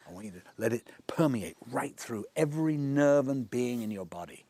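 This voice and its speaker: A man's voice: mid-range voice, animated, normal speed, hardly any pauses, warm tone. A man telling anecdotes in an interview, acting out the quoted dialogue with shifting voices. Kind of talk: anecdotal storytelling.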